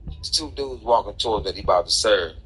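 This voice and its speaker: Bright-voiced man telling a story. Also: lowish voice, brisk, breathy edge, poor audio. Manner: animated, profane, laughing. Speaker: gaming streamer. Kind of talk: casual storytelling over gameplay.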